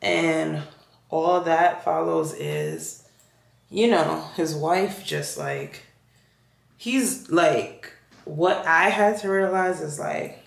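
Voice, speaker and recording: A young woman with a Jamaican accent, chatting casually to her viewers, with a low, gravelly voice. She talks at an unhurried pace and acts out the voices in her story. The room around her is echoey. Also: big pitch swings. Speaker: vlogger.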